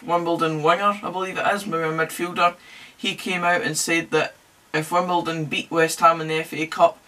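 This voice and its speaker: Chatty man, bright voice, off-mic. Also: fairly high pitch, recorded from a distance. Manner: chatty, jokey, wry asides. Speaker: podcast host. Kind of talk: casual solo football commentary.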